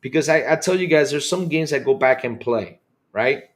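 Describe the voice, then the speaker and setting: Here a male podcast host speaks at medium pitch and a moderate pace while responding to chat comments on a relaxed livestream. He chats freely, says things more than once, and often swears and laughs.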